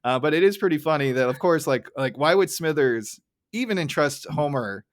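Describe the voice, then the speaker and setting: Relaxed chatty podcast co-host. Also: male voice, fairly high pitch, moderate pace. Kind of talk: casual chat recapping an episode.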